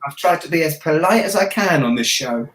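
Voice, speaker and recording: A man from Southampton with a Hampshire accent, a watch YouTuber chatting casually as a guest, joking and laughing, often trailing off quietly. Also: fairly high pitch, expressive, a little fast, crowd noise. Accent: Hampshire English. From Southampton, England. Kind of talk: casual interview chat. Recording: echoey room.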